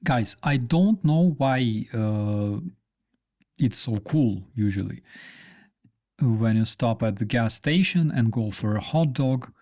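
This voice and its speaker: Unhurried man chatting on a stream. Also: medium pitch, expressive, darkish tone. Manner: rambling, lots of fillers and restarts. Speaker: live stream host. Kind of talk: casual live stream chat.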